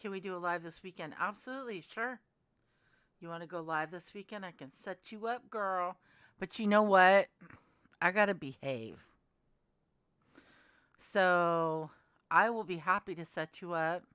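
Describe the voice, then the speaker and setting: A woman's voice: lowish voice, unhurried, pauses often, fairly bright tone, clear, resonant tone, no echo. A woman hosting a casual livestream, chatting with viewers in a rambling, friendly way. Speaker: livestream host. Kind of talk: casual livestream chat reading comments.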